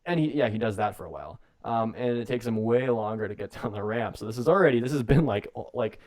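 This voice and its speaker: A young man co-hosts a wrestling podcast on a radio show and tells a long comic story. He rambles and jokes, stacking fillers and restarts as he goes. His voice sits at an ordinary middle pitch for a man. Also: lively intonation, a little mellow. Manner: rambling, jokey, acts out bits in quick put-on voices. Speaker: podcast co-host.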